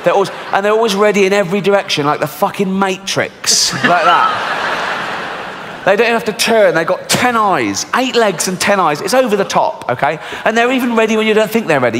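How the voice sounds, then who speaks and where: A middle-aged man with an English accent doing a stand-up comedy set, swearing freely and telling dark jokes in a deadpan way. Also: sits high. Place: large theatre stage. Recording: reverberant live theatre recording, faint hiss.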